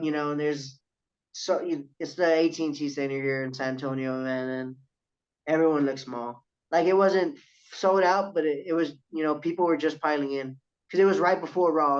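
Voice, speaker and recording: A young man tells a story on a casual podcast, eagerly acting out the other people in it and swearing freely. His voice sits a bit high. The recording sounds dull and lo-fi. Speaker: guest, professional wrestler. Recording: dull lo-fi audio.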